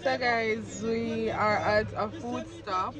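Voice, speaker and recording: A woman's voice: fairly high pitch, fairly even intonation, slow pace, music in the background. A young Jamaican woman vlogging casually to camera, chatting in loose Patois-mixed speech, recorded on a phone. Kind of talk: casual vlog chat to camera. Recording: noisy, road and engine noise behind.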